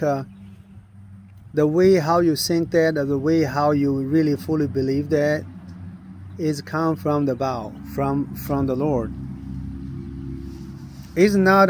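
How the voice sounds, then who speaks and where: Telling a personal story in non-native English, a middle-aged inventor speaks earnestly and acts out the voices of people he met. His voice sits on the high side, with a little hiss or hum in the recording.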